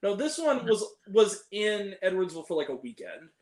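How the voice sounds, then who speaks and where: Animated young man ranting about films. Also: high-pitched, normal speed, reverberant. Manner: animated, ranting, swears freely. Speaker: host. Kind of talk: casual film review chat.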